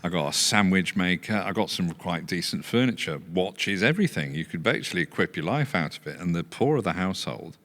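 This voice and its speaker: A man's voice: low-pitched, lively intonation, a little fast, few pauses, fairly bright tone. An English man with a posh English accent telling stories in a casual chat, laughing often and swearing freely. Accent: posh English, not typical Yorkshire. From England. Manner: storytelling with frequent laughter and swearing. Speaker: podcast guest, business founder.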